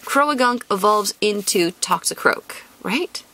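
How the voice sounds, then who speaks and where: A woman's voice: medium pitch, lively intonation, slow, sharp tone. A young woman chatting casually to viewers as she opens card packs, bubbly and squealing over cute cards. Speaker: card-opening vlogger.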